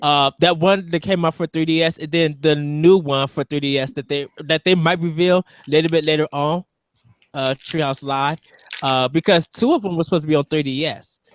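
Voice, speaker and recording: A man co-hosting a live stream, speculating eagerly about games in loose, quick bursts. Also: on the high side, no room sound. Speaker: co-host of a live watch stream. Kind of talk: casual gaming chat.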